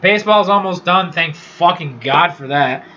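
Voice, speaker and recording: A high-pitched man with lively intonation and a sharp tone talks at a moderate pace, hosting his own casual sports podcast. He rambles and curses through his picks and takes, and the recording is dull and lo-fi.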